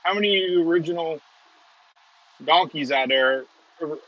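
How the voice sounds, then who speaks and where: Chatting casually from a moving car, a storm chaser hosts his livestream, rambling along and chuckling. His voice sits on the high side at a normal pace, and the audio is dull.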